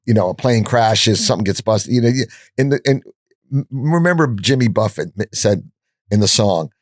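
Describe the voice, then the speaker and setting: Older man telling gritty stories, low voice. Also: normal speed, no room sound, clean studio sound. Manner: animated storyteller, acts out quoted dialogue; profane, blunt. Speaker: podcast guest. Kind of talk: storytelling in an interview.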